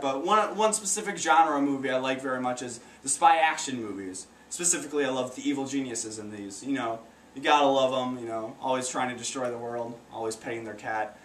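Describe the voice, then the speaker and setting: In a distant, roomy recording with a little noise, a teen boy attempts stand-up comedy, fumbling awkwardly through repeated restarts. He has a mid-range, slightly bright voice.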